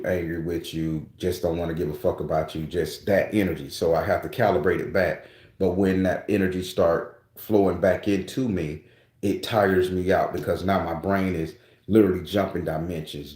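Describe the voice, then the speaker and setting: A man's voice: deep voice, a little mellow, echoey room. A man hosting his own channel, talking casually and loosely to his viewers, with rambling restarts and frequent swearing. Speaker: spiritual channel host.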